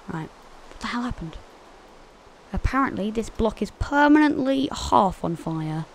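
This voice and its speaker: A woman's voice: medium pitch, very animated, measured pace, creaky, a little hiss or hum. A woman hosting a gaming channel, giving casual, chatty gameplay commentary to her viewers and often giggling.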